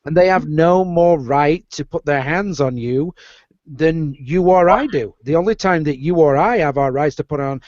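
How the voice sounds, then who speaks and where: A man's voice: fairly high pitch, normal speed, darkish tone, dry recording. A man in a casual online chat, agreeing and explaining his view at length. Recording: dry, dull lo-fi sound.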